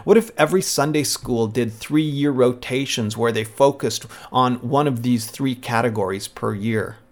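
A man giving a scripted teaching talk in a measured, rhetorical way, posing one question after another. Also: mid-range voice.

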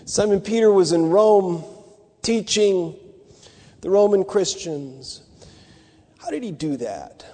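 A man's voice: high voice, expressive, slow, pauses often, dark tone. A man giving a teaching sermon in a loose, conversational way, with restarts and asides. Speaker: bible teacher. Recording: long hall reverb.

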